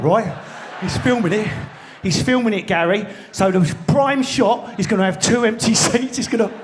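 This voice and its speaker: A man's voice: high voice, slight background noise. A man with an Essex and London accent doing live stand-up comedy in a large theatre, brash, sweary and baiting the crowd. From Enfield, England.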